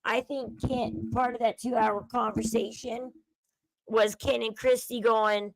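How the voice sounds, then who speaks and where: A woman's voice: fairly high pitch, little pitch movement, a little slow, gravelly, dry recording, poor audio. A woman streamer giving emphatic true-crime gossip commentary, repeating points and lecturing her viewers.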